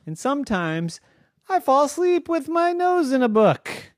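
A kindly bookish lady vet from a bedtime storybook, chatty and reassuring, her voice rising and falling a lot at an unhurried pace as a man puts her on. It sounds close and dry. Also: very high-pitched, big pitch swings, dry recording, voice pushed up, full character voice. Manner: friendly, rambling, reassuring.

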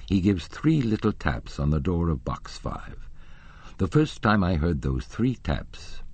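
A man's voice: a bass voice, creaky, darkish tone, slightly rough, heavily acted. A man voicing an indignant elderly female opera box-keeper, haughty and insistent, in an audiobook reading. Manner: haughty, insistent, gossipy storytelling.

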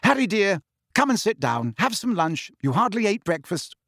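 A man's voice: sits high, very animated, normal speed, a bit bright, no echo, clean studio sound, voice pushed up, heavily acted. A man voicing a fussing, bossy middle-aged mother who scolds her children and fusses over a boy.

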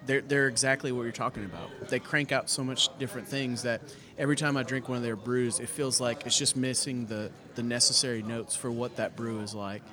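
This pastor and podcast co-host keeps a steady tone at medium pitch, speaking briskly as he chats in casual conversation. He's earnest and quick to laugh, recorded in a brewery taproom with crowd chatter all around.

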